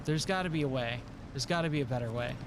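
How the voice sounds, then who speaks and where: Hoarse, tired man streaming a game. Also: mid-range voice, fast talker, background noise. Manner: rambling, repeats words when flustered. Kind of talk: casual live-stream chat.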